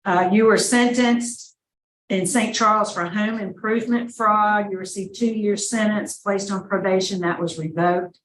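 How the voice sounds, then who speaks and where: A woman's voice: mid-range voice, fairly even intonation. Formal woman board chair, distant mic in a reverberant room. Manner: brisk, formal, reading into the record. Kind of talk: formal hearing procedure. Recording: echoey hearing room, distant mic, faint noise.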